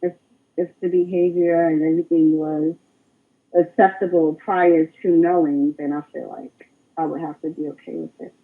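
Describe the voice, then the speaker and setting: A woman's voice: low voice, level tone. A woman co-hosting a live radio stream, speaking thoughtfully and picking her words with care. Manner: thoughtful, measured, chooses words carefully. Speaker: radio show co-host. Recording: phone-like narrow sound.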